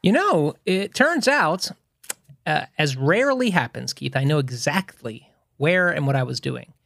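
A man with a fairly high, expressive voice co-hosts a casual podcast, telling stories with a wry, joking manner. His pitch moves a lot, and the sound is dry and close. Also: a little slow, vocal fry, dry recording. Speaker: podcast co-host.

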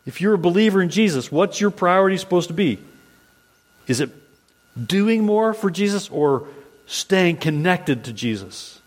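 A male pastor preaching a Sunday sermon in an earnest, repetitive preaching cadence. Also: a little high. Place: church sanctuary. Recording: long hall reverb.

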